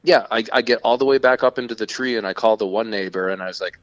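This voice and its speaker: A man with a low voice tells a story in an animated, casual way and swears freely. The recording is dry, with no room sound, and its sound is dull and lo-fi. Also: fast talker, dry recording. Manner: profane, animated retelling. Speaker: podcast co-host.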